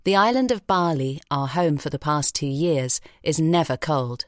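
A woman reading an audiobook story in a measured, expressive way in a recording studio. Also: low voice, no room sound. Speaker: audiobook narrator. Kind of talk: scripted narration. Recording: dry studio sound.

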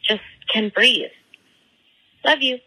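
Young woman leaving a chatty voicemail, hamming up a fake southern drawl, kinda bright tone. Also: on the high side, takes it slowly, husky, poor audio. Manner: playful put-on Southern drawl. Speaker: voicemail caller. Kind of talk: rambling voicemail message.

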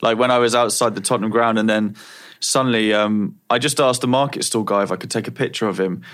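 A man's voice: on the low side, fairly even intonation, quick pace, fairly bright tone. Man thinking aloud in chat. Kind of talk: casual chat.

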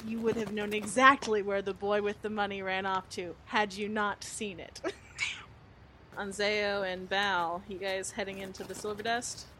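A young woman acting as game master at a tabletop game, casual and irreverent, cursing easily. Her voice sits at a middle pitch, with a faint hiss behind it. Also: level tone, moderate pace, pushed and bright. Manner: casual, swears freely, laughs often.

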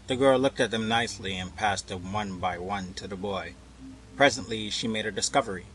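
A man narrating a storybook tale in a measured, unhurried way. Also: on the low side, a bit bright, a little hiss or hum, rough recording.

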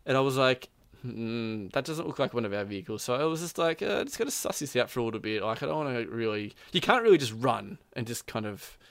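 A man's voice: mid-range voice, expressive, fast talker, creaky, fairly bright tone, no echo. A man telling a gaming story in casual chat, rambling with lots of "like" and frequent laughs. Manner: rambling, says "like" constantly, laughs often, acts out quotes.

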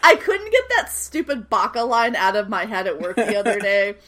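A young woman with a bright, forceful voice runs through a show's plot in casual podcast chat. She tells it animatedly, slipping into characters' lines and swearing freely. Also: medium pitch, moderate pace. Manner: animated storytelling, acts out characters' lines, swears and laughs often. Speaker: podcast co-host recapping a TV series.

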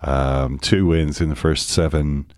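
A man's voice: a bass voice, fairly even intonation, unhurried, darkish tone, no echo, clean studio sound. A man co-hosting a podcast, chatting casually about football in a rambling way and often restarting his sentences. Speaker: podcast co-host.

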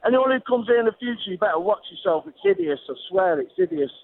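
An excitable football fan calling in from a stadium, bragging about his team. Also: extremely high pitch, fast, gravelly. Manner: excitable, boastful, says "do you know what I'm saying". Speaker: caller. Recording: tinny phone line.

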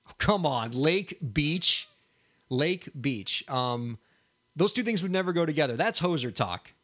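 Amused man with a lively voice. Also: a little high, measured pace. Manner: laid-back, amused, guessing aloud. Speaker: podcast host. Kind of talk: casual chat, quiz game.

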